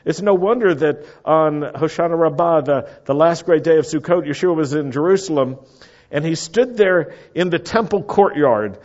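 A man preaching a sermon, moving between quiet reflective lines and sudden loud exclamations. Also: on the high side, lo-fi sound. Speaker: pastor.

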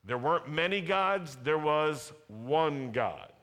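A man's voice: a little high, lively intonation, slow pace, fairly bright tone. A man preaching a sermon as a pastor, earnest and emphatic, repeating key phrases. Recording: reverberant hall.

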